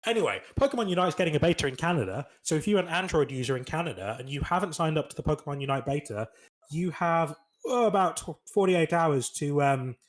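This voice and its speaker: Excitable higher-voiced man co-hosting a podcast. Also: fast. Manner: excitable, marvels at the news. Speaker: podcast co-host. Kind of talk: casual chat.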